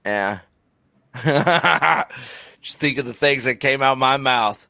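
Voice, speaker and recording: Man, forties, middle pitch, dry sound, profane, jokey storyteller, casual chat. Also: slow, vocal fry, pushed and bright, no room sound. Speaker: guest co-host.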